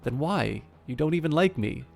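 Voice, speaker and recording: A man's voice: on the high side, lively intonation, normal speed, gravelly, darkish tone, soft background music, pitched above the performer's own voice. A man voicing an anxious young boy who blurts things out nervously. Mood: upset.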